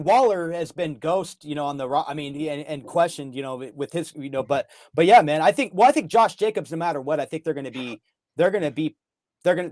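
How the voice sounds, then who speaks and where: A man with a fairly high voice talks through a casual sports show, rambling and circling back with fillers. The sound is dry and close, with no room around it. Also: no echo. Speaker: co-host. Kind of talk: casual sports podcast chat.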